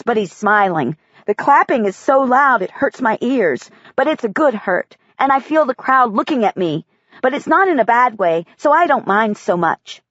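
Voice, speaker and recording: A woman reading a first-person audiobook in a measured, quiet way. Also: fairly high pitch, dry recording, lo-fi sound. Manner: measured, quiet child's-eye telling. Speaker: audiobook narrator.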